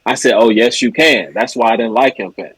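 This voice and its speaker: A man's voice: medium pitch, fairly quick, a bit bright, husky, low-quality recording. A man co-hosting a podcast in casual chat, emphatic, repeating his points. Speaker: podcast co-host.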